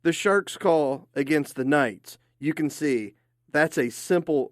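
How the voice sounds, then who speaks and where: A man's voice: fairly high pitch, takes it slowly, no echo, studio quality. Emphatic male sports radio co-host. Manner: emphatic, opinionated. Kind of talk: sports opinion segment.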